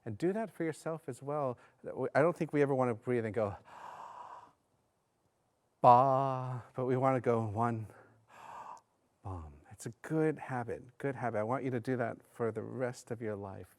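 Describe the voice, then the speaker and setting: A man coaching a bassoon section in rehearsal, singing phrases aloud between hesitant spoken notes. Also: fast talker, few pauses, darkish tone.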